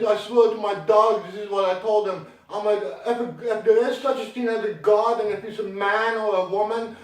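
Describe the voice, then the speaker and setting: A man making a rambling, indignant plea to camera, often stumbling and repeating his words. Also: sits high. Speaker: aggrieved dog owner. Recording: very echoey, from far off.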